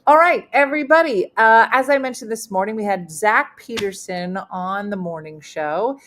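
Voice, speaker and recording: There's a little hiss or hum behind this middle-aged woman's mid-range, fairly bright voice, which moves at normal speed. As a comedian hosting a casual online chat show, she tells chatty stories full of fillers, live-stream style.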